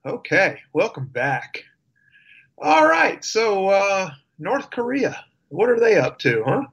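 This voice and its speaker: A man's voice: high-pitched, very animated, takes it slowly, fairly bright tone, slightly rough, dull audio. A man hosting a radio show, reading news with wry, sarcastic asides and fillers. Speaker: radio host. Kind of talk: casual news commentary.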